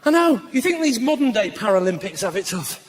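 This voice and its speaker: A man doing stand-up comedy, ranting and slipping into shouted voices for his bits. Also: high-pitched, very animated, fairly quick. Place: live comedy venue with audience laughter. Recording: noisy live stage recording.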